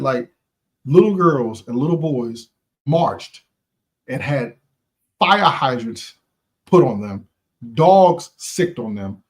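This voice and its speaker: Guy going live with a pep talk, kinda high voice, preachy and fired up, keeps repeating himself, talks right to the viewers. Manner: impassioned and preachy, repeats phrases for emphasis; casual slang, talks straight to viewers. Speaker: live-stream host. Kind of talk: motivational live-stream talk.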